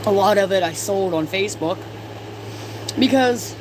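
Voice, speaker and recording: A woman's voice: mid-range voice, normal speed. A woman in her twenties telling stories in a casual, profane way while doing her makeup for a vlog. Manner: chatty, profane storytelling. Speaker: vlogger. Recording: steady background noise.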